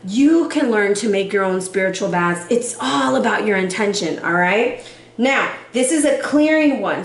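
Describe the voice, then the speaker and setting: A woman giving a casual tarot reading, animated and sassy, with casual swearing. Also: a little high, echoey room. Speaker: tarot reader.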